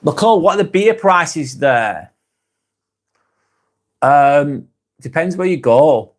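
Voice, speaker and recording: A man's voice: a little high, animated, takes it slowly. A man with a Lancashire accent, hosting a casual live stream, reading out viewer comments and answering them frankly, swearing often. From England. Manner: frank, swears freely, muses aloud.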